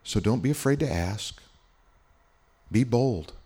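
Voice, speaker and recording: A preacher voicing a tender, hushed Jesus. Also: male voice, lowish voice, lively intonation, slow, slightly rough, heavily acted. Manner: soft, hushed and gentle. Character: tender, loving Jesus speaking to a child. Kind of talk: guided meditation in a sermon.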